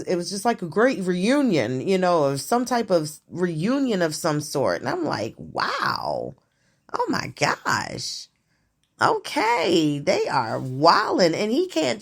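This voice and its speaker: A low-voiced woman hosts her own show, delivering a casual monologue on current events. She's profane, blunt, and animated, and she laughs often.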